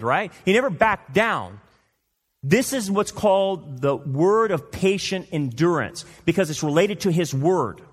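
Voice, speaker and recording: A man preaching in a church, pressing his points with rhetorical questions and wry jabs. His voice sits a little high for a man and carries a long reverb that rings through the hall. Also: lively intonation, unhurried, husky. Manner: emphatic, rhetorical questions, mocking quoted voices. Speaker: pastor. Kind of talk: sermon.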